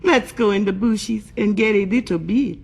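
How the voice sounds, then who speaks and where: A woman voicing a coy young woman who answers slowly and drawn out. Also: mid-range voice, gravelly, a little mellow, breathy edge, pitched above the performer's own voice. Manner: slow, drawn-out replies.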